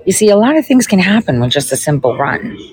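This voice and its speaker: A woman's voice: mid-range voice, very animated, quick pace, darkish tone, slight background noise, low-quality recording. A woman, a political podcaster, in a casual ranting monologue full of sarcasm, profanity and mocking asides.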